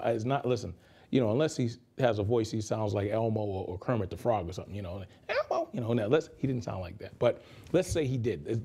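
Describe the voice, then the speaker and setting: Pastor guy preaching easygoing from a radio studio, says things twice for emphasis, mellow voice. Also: lowish voice. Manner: conversational, repeats phrases for emphasis. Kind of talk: sermon.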